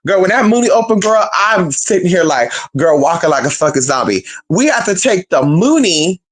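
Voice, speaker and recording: Animated profane young adult storyteller. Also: mid-range voice, normal speed. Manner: animated, profane, keeps calling the audience "y'all" and "girl". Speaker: streamer telling a personal story. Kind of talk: casual storytelling to an audience.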